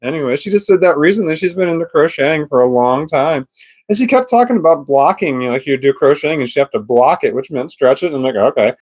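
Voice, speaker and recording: A man's voice: on the high side, expressive, quick pace, a little mellow, low-quality recording. A middle-aged man talking at home into a phone camera with a small microphone, rambling, swearing and losing his thread. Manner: rambling, profane, loses his train of thought. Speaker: vlogger. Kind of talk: rambling casual vlog. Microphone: phone camera with a small external microphone.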